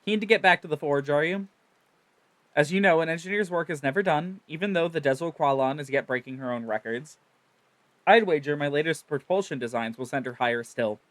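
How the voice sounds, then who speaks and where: A cheerful engineer as a man voices him boasts of his designs in a brisk, proud tone. The voice sits fairly high, recorded close and dry. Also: a bit bright, dry recording, lightly acted. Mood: boastful.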